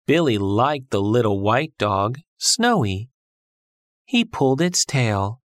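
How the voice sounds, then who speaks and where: A man narrating a simple children's story for language learners, taking his time over every word. His pitch rises and falls in a lively, sing-song way, and the sound is dry and close. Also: dry recording. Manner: slow, clear, storybook reading. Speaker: textbook audio narrator. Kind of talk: scripted story reading for English learners.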